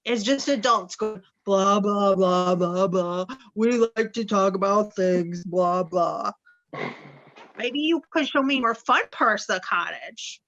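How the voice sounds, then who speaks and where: A woman's voice: mid-range voice, slow pace, a bit bright. A woman doing a cheeky prying little girl. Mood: wheedling. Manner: wheedling, prying questions. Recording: dull lo-fi recording.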